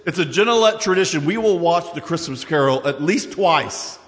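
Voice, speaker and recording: Animated male preacher in a reverberant hall. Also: on the high side, moderate pace. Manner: animated, conversational preaching with asides and repetitions. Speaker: pastor. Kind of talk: sermon.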